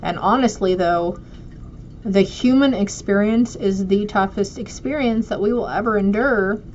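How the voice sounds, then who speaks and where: A woman's voice: mid-range voice, unhurried, a little mellow, a little hiss or hum. Chatty woman reading oracle cards. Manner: affectionate, speaks straight to viewers. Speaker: oracle card reader. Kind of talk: casual spiritual card reading. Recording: dull lo-fi audio.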